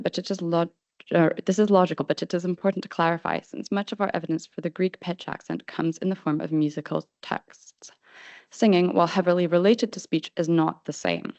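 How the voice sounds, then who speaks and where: A woman presenting a paper at an academic conference, reading formal prose in a measured way. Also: low-pitched, darkish tone, dry recording. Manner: formal, measured delivery with brief slide-control asides. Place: conference hall. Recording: dull, slightly lo-fi sound.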